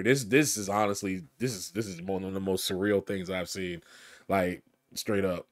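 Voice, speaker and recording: A man's voice: fairly low pitch, steady tone, moderate pace, a bit bright. A man giving casual, chatty commentary over news footage, often repeating words as he talks. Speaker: video commentator.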